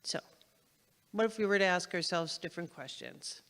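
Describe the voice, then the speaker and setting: A woman's voice: fairly low pitch, normal speed, a bit bright. Woman, minister, spiritual lesson, conversational, repeats for emphasis, long hall echo. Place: spiritual center meeting hall.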